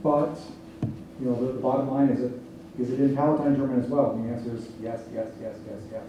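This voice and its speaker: A man's voice: mid-range voice, fairly even intonation, fast talker, dull audio. A man giving a lecture and answering audience questions, explaining points and asking "right?" as he goes. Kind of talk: public lecture Q&A. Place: lecture hall. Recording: echoey hall, distant mic, faint noise.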